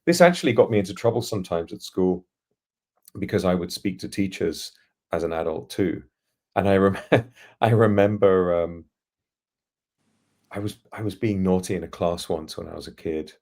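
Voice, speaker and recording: Deep gravelly man with a posh English accent. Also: normal speed, pauses often, darkish tone. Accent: standard English, trained by acting lessons. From England, East London. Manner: articulate, reflective, anecdotal, laughs now and then. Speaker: podcast guest, futurist. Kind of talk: casual storytelling in an interview.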